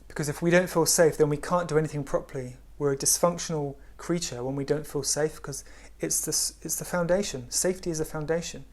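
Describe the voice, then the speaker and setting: Gentle, hushed man teaching. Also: fairly high pitch, steady tone. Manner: gentle, unhurried, often drops to a hush. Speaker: spiritual teacher. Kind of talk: spiritual talk.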